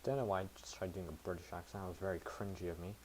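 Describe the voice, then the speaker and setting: A man with a slightly low voice narrates his own programming for viewers in a relaxed, unscripted way. He thinks out loud and pokes fun at himself, while faint noise sits in the background. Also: very fast. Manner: thinks aloud, self-mocking asides. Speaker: programmer streaming to chat. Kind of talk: casual live coding commentary.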